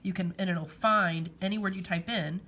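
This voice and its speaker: A woman's voice: on the low side, steady tone, normal speed, a bit bright. A woman teacher explaining how to revise a paper, direct and emphatic, often checking in with "okay". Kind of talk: classroom writing lesson.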